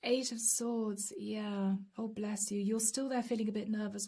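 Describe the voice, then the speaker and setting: A woman giving a channeled tarot reading to camera, gentle and encouraging, speaking straight to her viewers and breaking into soft laughs. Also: mid-range voice, steady tone, measured pace, hardly any pauses. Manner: often breaks into light laughs and soft asides. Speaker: tarot reader.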